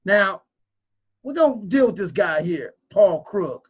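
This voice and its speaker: A man's voice: high-pitched, sing-song, unhurried, breathy edge, muffled recording. A man giving emotional, preachy video commentary, repeating his points with strong emphasis. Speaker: crypto commentator.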